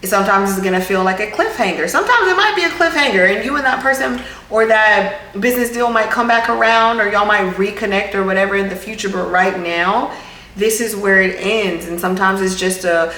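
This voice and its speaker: A woman's voice: mid-range voice, moderate pace, sharp tone. A woman vlog host giving a casual, earnest motivational talk, often circling back to repeat her point. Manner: earnest, repetitive, reflective. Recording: roomy room with faint background hum.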